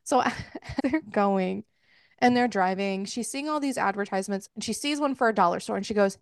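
A woman hosting a book club podcast, recapping a story in casual chat with lively, profane quoted dialogue. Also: mid-range voice, moderate pace, no room sound, clean studio sound.

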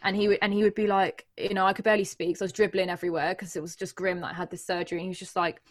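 A woman's voice: fairly low pitch, flat delivery, racing, few pauses. A young woman, a guest giving an earnest, emotional personal account with frequent restarts. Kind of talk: candid personal account in conversation.

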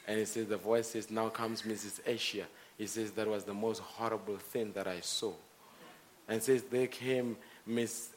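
A man preaching a sermon, telling stories, with swings between quiet earnestness and impassioned shouting. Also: lowish voice, slight background noise.

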